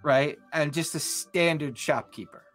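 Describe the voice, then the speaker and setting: A man co-hosting a casual podcast chat about tabletop games, animated and quick to swear. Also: fairly high pitch, soft background music. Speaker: podcast co-host.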